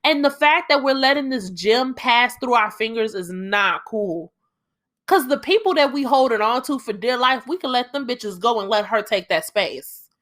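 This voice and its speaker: A woman's voice: mid-range voice, a bit bright. A young woman hosting a solo podcast, ranting emphatically with lots of swearing and heated outbursts. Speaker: podcast host.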